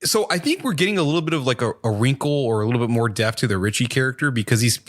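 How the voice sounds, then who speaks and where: A man's voice: mid-range voice, expressive, racing. Profane casual man recapping a show. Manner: profane, rambling plot recap with fillers. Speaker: podcast co-host reviewing a TV show.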